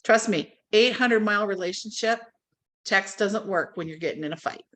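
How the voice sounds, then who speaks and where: A woman's voice: medium pitch, normal speed, a bit bright. A woman teaching a real estate training class to a live audience, talking animatedly and acting out quoted phone calls.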